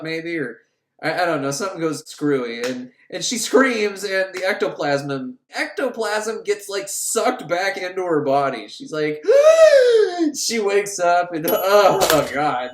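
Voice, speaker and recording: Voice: medium pitch, echoey room. A podcaster recapping a film in a rambling, joking way, often breaking into laughter. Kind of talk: comic movie recap.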